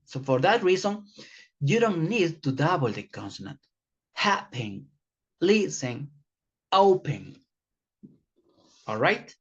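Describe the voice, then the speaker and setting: An English teacher giving a grammar lesson, repeating key words slowly and calling the learners guys. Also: mid-range voice, sing-song, slightly rough. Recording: dull lo-fi recording.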